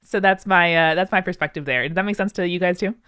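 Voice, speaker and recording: A woman who plays in the game, explaining things on a podcast in a relaxed, wry way. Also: lowish voice, quick pace, smooth, no echo, studio quality. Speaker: player and co-host. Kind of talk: casual podcast chat.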